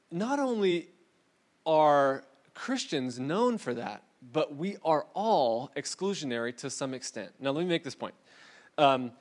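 Chatty pastor with a slightly high voice. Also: male voice. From California. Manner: relaxed, chatty, many "like"s and asides. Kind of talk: casual conversational sermon. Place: room with a live congregation.

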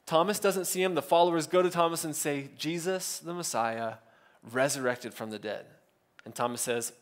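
A man's voice: on the high side, normal speed. A male pastor, giving a casual, conversational sermon and briefly acting out quotes. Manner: conversational, self-correcting, acts out biblical quotes.

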